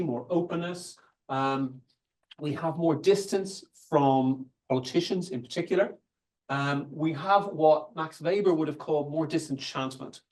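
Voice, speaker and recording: Fairly high in pitch but darkish in tone, the man is an invited academic presenting a seminar talk that loosely follows slides. His delivery is conversational as he thinks aloud and restarts phrases.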